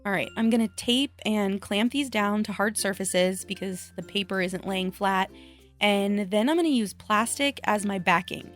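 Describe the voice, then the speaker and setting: A woman crafter talking casually to her viewers in a chatty, self-deprecating way, thinking out loud as she works. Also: mid-range voice, moderate pace, soft background music. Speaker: craft vlogger. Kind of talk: casual voice-over vlog.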